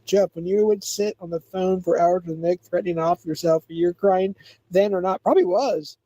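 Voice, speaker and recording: A man's voice: high voice, moderate pace, mellow, no room sound. A man hosting a livestream, chatting casually, rambling, reading chat aloud and laughing often. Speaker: livestream host.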